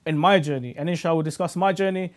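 A man's voice: on the high side, fast. A man with a British accent hosting a TV studio show, opening with upbeat greetings and a string of rhetorical questions. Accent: British English. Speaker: host. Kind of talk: TV talk show introduction.

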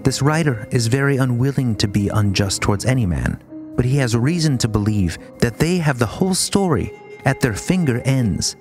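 A man, a podcast co-host, giving a measured, formal reading of a historical letter. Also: mid-range voice, expressive, music in the background.

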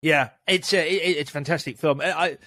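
A man's voice: on the high side, a little fast, sharp tone, no echo. A man hosting a film podcast, asking questions with frequent stammers and repeated words. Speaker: podcast host. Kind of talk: interview chat.

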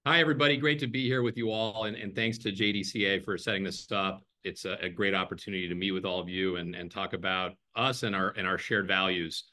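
A man's voice: sits low, fairly even intonation, fast talker, hardly any pauses, sharp tone. A man in his thirties, a congressional candidate born in Ireland who speaks with an American accent, giving an earnest, lightly humorous opening statement at a candidate forum over a video call.

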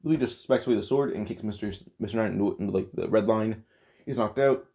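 A man with a lowish, mellow voice casually retells an anime fan story. He rambles along, padding his sentences with "like" and restarting himself often. His delivery is relaxed and unscripted. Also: quick pace, creaky.

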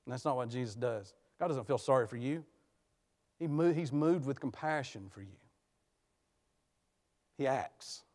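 A man's voice: medium pitch, animated, measured pace, pauses often. Man preaching a sermon in a church. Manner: conversational preaching with sudden loud rises; tells personal family stories, laughs often. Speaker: guest preacher. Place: church sanctuary.

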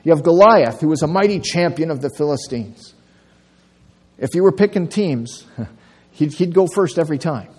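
Male pastor telling a bible story, fairly high voice, long echo in the church. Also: moderate pace, slightly rough. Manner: animated storytelling, acting out quotes. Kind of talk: sermon. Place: church sanctuary.

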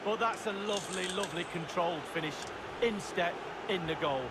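A man's voice: high voice, fairly quick, very noisy, close to an everyday voice. A man as a football color commentator. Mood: analytical. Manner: conversational analysis of play. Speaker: match co-commentator. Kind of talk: sports analysis commentary.

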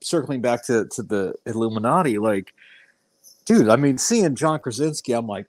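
A man's voice: mid-range voice, animated, moderate pace, darkish tone, dry recording. A man co-hosting a podcast in casual chat, profane and emphatic, acting out quoted lines. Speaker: podcast co-host.

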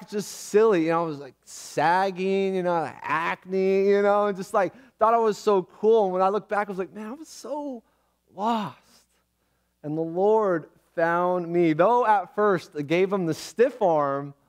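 A man delivering a church sermon in an easygoing, conversational way, laughing and restarting his sentences as he goes. His voice sits a touch high for a man. He preaches as the pastor of the congregation. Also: clear, resonant tone. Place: church sanctuary.

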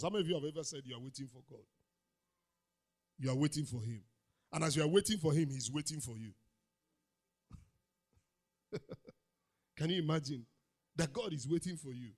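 A pastor with a Nigerian English accent preaching a sermon in a church auditorium, calling out to the congregation and building up to shouted lines. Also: male voice, sits high. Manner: preaching with crowd call-outs, swelling into shouts.

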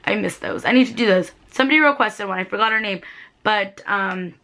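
A young woman vlogger recapping a TV episode in a casual, excitable way, filling her talk with "like" and "literally". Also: mid-range voice, fairly quick, vocal fry. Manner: chatty, excitable, says "like" and "literally" a lot. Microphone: laptop webcam.

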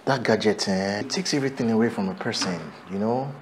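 A man's voice: fairly low pitch, quick pace, a little hiss or hum, natural voice. An actor with a Nigerian accent playing a worried husband who confides his unease about his wife to a friend. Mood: uneasy.

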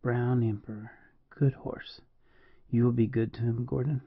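A man voicing a dying noble soldier who speaks faintly and haltingly. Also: mid-range voice, vocal fry. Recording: dull lo-fi dry recording.

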